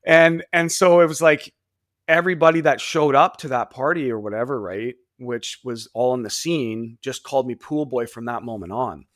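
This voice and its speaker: A man in his thirties, a podcast guest telling stories casually and animatedly, jumping into high voices for quoted people. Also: moderate pace, a bit bright, no echo, clean studio sound. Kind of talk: casual storytelling.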